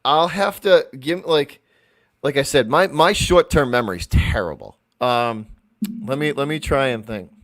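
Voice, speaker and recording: Halting, stop-start man chatting. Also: mid-range voice, animated, fairly bright tone. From Boston area. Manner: halting, restarts a lot while recalling. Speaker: co-host of a trivia stream. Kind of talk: casual chat.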